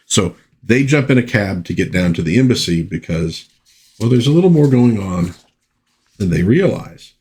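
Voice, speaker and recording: A man's voice: lowish voice, very animated, normal speed, a little mellow. A man casually recapping an old comic book issue, chatting about the plot with his own asides.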